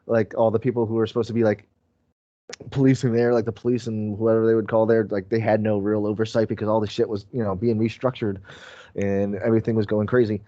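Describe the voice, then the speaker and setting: A man with a mellow, relaxed voice chats on a podcast, wandering through his thoughts and packing his sentences with fillers. The sound is dry and dull, close to a home mic. He keeps a middle pitch throughout. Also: fast talker, dry recording. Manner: rambling, many fillers like "like" and "um". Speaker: podcast co-host. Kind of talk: casual chat.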